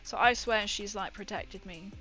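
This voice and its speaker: A woman's voice: mid-range voice, normal speed, sharp tone, low-quality recording. A young woman streaming while painting miniatures, telling a rambling story in casual chat with lots of fillers. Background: faint background music.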